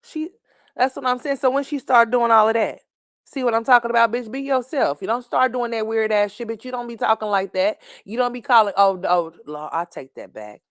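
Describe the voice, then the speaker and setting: A woman hosting a commentary stream, scolding and mocking someone with steady profanity. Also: fairly high pitch, brisk, no echo, clean studio sound. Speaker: commentary host.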